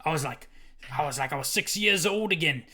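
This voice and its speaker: A man voicing an excitable male Scottish actor, performing a hammy put-on Scottish accent. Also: fairly high pitch, brisk, heavily acted. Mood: excited.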